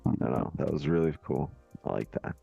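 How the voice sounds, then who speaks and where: A man's voice: a bass voice, brisk, gravelly, mellow, soft background music. A man hosting a livestream, chatting casually and laid-back, acting out quotes and swearing freely. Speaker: livestream host, trader. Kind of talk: casual group chat. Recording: muffled stream audio.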